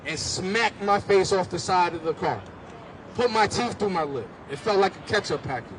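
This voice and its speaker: A man giving impassioned personal testimony at an outdoor street rally, telling his story intensely and rising at times to shouts. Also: high-pitched, a little hiss or hum.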